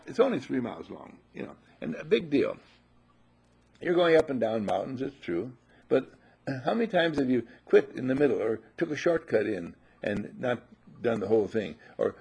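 An older man giving a sermon as a spiritual teacher, emphatic and animated, repeating his phrases and sometimes shouting. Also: medium pitch, creaky, breathy edge.

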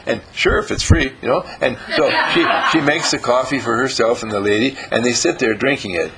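A man giving a spiritual teaching talk in a slow, emphatic and repetitive way. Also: medium pitch, heavy background noise.

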